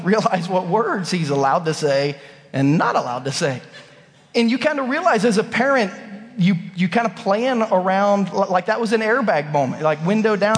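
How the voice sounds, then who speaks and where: A man in his thirties preaching a sermon in a church, telling stories in an animated way and acting out the voices. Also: sits high. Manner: animated storytelling, acts out voices. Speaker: pastor. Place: church sanctuary. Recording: long hall reverb.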